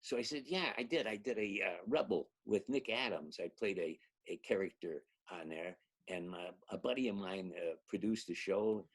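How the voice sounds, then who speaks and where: Older male actor, husky low voice, animated anecdote teller. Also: normal speed, hardly any pauses. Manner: animated storyteller, acts out quotes, laughs often. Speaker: actor guest. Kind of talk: anecdotal storytelling.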